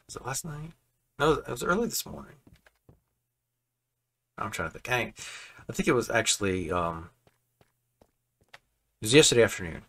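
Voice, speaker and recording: A man's voice: mid-range voice, sing-song, moderate pace, vocal fry, pauses often, pushed and bright, husky. A man chatting casually while building in a game, rambling and correcting himself as he goes. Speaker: Minecraft building creator. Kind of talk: casual gameplay commentary. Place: home room.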